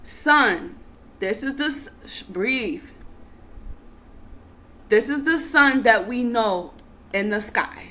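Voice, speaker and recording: A woman with a fairly high voice gives an unhurried spiritual teaching, drawing out her words. She soothes her listeners again and again, then leans hard into her key points. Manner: soothing, coaxing, repeats "breathe" and "calm down", swells to emphatic bursts.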